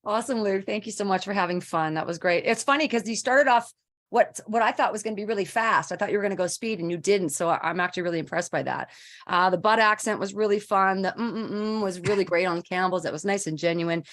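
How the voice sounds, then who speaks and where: A woman's voice: mid-range voice, fast, fairly bright tone. A woman judging a voice-over contest, giving chatty, encouraging live feedback with fillers. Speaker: judge on a voice-over competition.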